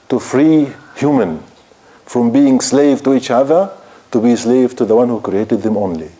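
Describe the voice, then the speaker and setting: A man's voice: mid-range voice, dark tone. A man giving a storytelling lecture at a mosque, retelling history in non-native English with Arabic phrases mixed in. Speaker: Islamic lecturer.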